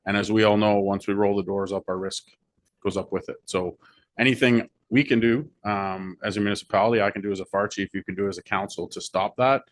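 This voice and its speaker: A man speaking as fire chief at a council meeting, explaining things in a measured way with frequent fillers. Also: fairly low pitch, steady tone, no room sound.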